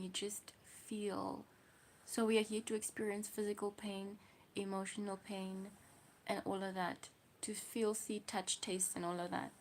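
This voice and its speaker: A young woman with a South African accent, hosting a casual livestream, musing slowly and often sinking to a whisper as she reads comments. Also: medium pitch, slight background noise. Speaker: livestream host.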